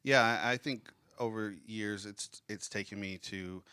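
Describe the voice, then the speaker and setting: A man's voice: on the low side, a little slow, pushed and bright, clear, resonant tone, no room sound, clean studio sound. A man hosting a casual interview, reflective and agreeable, thinking aloud about his own experience. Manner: reflective, agreeable, many "yeah" and "right". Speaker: podcast host.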